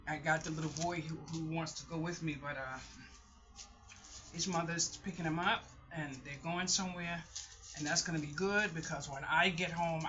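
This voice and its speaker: Bright-voiced middle-aged woman rambling candidly. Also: low-pitched. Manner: candid, rambling, self-interrupting. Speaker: vlogger. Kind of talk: casual vlog monologue. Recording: dull lo-fi sound.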